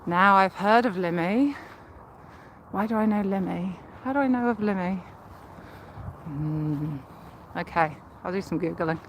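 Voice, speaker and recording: This young woman from Leicestershire, England, speaks in a fairly low voice at a measured pace, pausing often as she livestreams from a riverside cycle path. She enunciates carefully, giggles, and has a toned-down local accent, while the poor audio picks up heavy wind and traffic.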